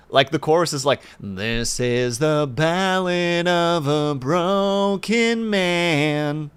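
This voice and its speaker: A man's voice: medium pitch, a bit bright. A man chatting casually on a livestream, rambling with playful asides in a home setup with a desk mic. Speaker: streamer. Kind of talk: casual stream chat.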